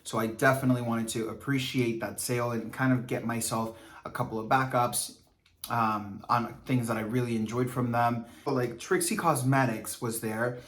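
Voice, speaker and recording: A man co-hosts a casual review vlog, talking in a campy, sassy manner and sprinkling his talk with "girl" and "honey." His voice sits at an ordinary middle pitch for a man and carries some room echo. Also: fairly even intonation, moderate pace, a bit bright. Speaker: vlogger co-host.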